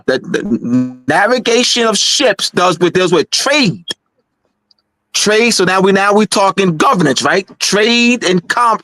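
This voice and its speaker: Male host, high voice, emphatic and repetitive, dry sound. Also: expressive, measured pace, bright, forceful tone, no echo. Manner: emphatic, repeats words to press a point. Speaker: presenter. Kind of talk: casual online discussion.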